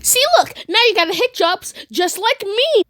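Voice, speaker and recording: A woman's voice: very high-pitched, expressive, unhurried, a bit bright, no echo, exaggerated voice. A woman voicing a rude little boy piglet with hiccups, talking sulky slang in a parody fan dub. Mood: mocking. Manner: sulky slangy trash talk.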